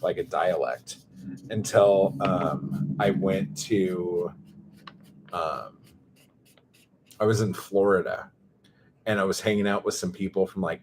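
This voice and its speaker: A man with a low, deep voice and a drawling Californian surfer-dude accent chats on a casual livestream. He stretches his words out, rambles and swears freely while reading chat aloud. A faint noise sits behind his voice. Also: a little mellow.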